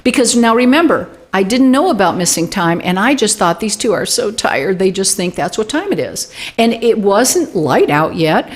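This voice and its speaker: A woman's voice: medium pitch, very animated, normal speed, hardly any pauses. A woman in her sixties, a guest in an interview, telling a personal story with animation and acting out the quoted dialogue. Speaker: guest, UFO group director.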